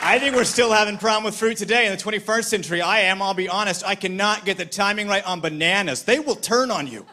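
A man performing a stand-up comedy set on a TV studio stage, telling his bits in an animated, playful way. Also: high voice, quick pace, few pauses, a faint crowd.

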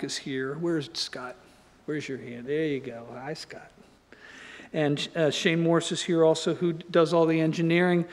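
A man giving an informal lecture, rambling and joking as he tells stories. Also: fairly high pitch. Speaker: guest lecturer. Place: lecture hall. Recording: long reverb in a lecture hall.

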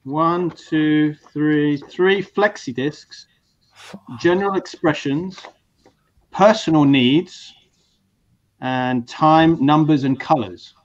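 A man's voice: on the high side, takes it slowly. A man hosting a casual video-call talk show, chatty and hesitant, often restarting his sentences. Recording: dull lo-fi stream audio.

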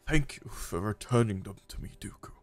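A man doing a hushed, scheming old politician. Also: lowish voice, normal speed, soft background music, natural voice. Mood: sinister. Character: scheming older male politician, soft-spoken and sinister.

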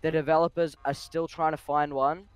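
A man's voice: on the high side, flat delivery, normal speed, smooth. A man working as a game server admin, patiently explaining rules to players.

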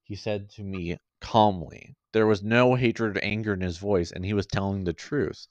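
A man's voice: fairly low pitch, fairly even intonation, moderate pace, no room sound, highs cut off. A man reading a fan story aloud, often stumbling over and restarting words. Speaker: story reader.

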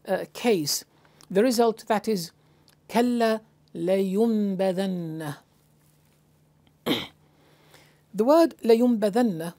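A woman giving a slow, explanatory lecture on translating scripture, halting often with fillers and restarts. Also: mid-range voice, a little mellow. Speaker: Qur'an translation teacher.

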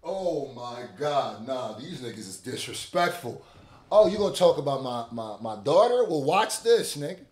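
Excitable man reacting out loud. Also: mid-range voice, moderate pace, echoey room. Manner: excitable, loud exclamations, repeats lines back. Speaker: reaction video host. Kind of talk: casual reaction commentary.

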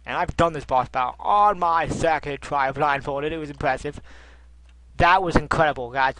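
A man giving casual gameplay commentary as a let's play host, rambling and self-mocking, with sudden frustrated shouts. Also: on the high side, moderate pace, slight background noise, low-quality recording.

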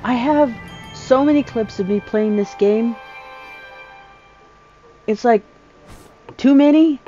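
A woman talking casually over her own gameplay, chatty and excitable, laughing often. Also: a little high, takes it slowly, faint music behind. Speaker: gamer. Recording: slightly dull lo-fi sound.

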